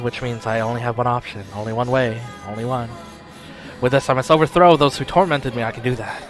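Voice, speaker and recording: A man's voice: medium pitch, close to an everyday voice. A man voicing a tormented man who has become a beast, frantic and stammering. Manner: frantic, stammering, breaking into shouts. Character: tormented man turned beast, desperate and unhinged.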